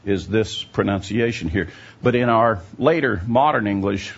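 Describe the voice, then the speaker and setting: Guy preaching a bible lesson, husky gravelly voice, keeps asking okay?, muffled old recording. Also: fairly low pitch, moderate pace. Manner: explanatory, often checks in with the audience. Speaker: Bible teacher. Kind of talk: teaching sermon with a story. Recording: dull lo-fi recording.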